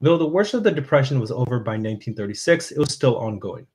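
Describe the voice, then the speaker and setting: A man reading a scripted history narration in a steady, measured way, with dry asides. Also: medium pitch, low-quality recording.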